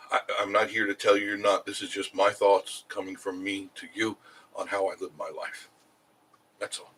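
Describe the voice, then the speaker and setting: A man's voice: on the low side, little pitch movement, moderate pace, fairly bright tone, slight background noise, low-quality recording. A middle-aged man hosting a casual live stream, rambling and chuckling as he answers viewer comments.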